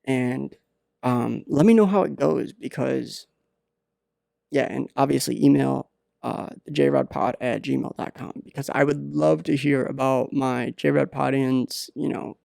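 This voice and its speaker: Gravelly man rambling deadpan advice. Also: medium pitch, no room sound, studio quality. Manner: rambling, halting, many fillers. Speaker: podcast host. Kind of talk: deadpan comedic advice monologue.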